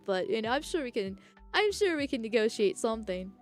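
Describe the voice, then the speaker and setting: A woman's voice: on the high side, big pitch swings, a little fast, soft background music. A woman streamer chatting casually, rambling through tangents and laughing often while thanking viewers. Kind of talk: casual live-stream chat.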